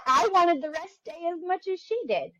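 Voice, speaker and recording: A woman in her thirties hosting a casual podcast chat, animated and laughing often as she acts out her own past words. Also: extremely high pitch, normal speed, background noise. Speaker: podcast host. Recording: dull lo-fi sound.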